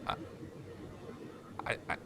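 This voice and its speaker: A man's voice: takes it slowly, bright, forceful tone, a little hiss or hum. A man voicing a terrified young male vampire who stammers and apologizes. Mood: frightened.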